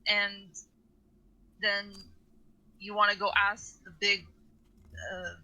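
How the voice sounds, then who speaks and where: A woman's voice: medium pitch, little pitch movement, slow pace, bright, forceful tone, low-quality recording. A woman playing a tabletop game, asking confused questions to sort out what is happening. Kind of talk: casual game chat.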